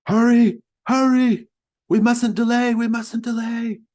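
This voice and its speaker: A man's voice: very high voice, little pitch movement, slow pace, darkish tone, pitched above the performer's own voice. A man voicing a panicked male village priest who screams urgent pleas in a tabletop horror game. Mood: frantic.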